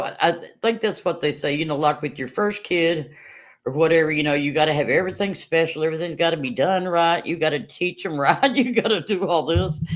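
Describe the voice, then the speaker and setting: A chatty woman talks casually to her livestream viewers. Her pitch swings up and down a lot, and she keeps breaking into laughter as she rambles. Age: 50s. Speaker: livestream host.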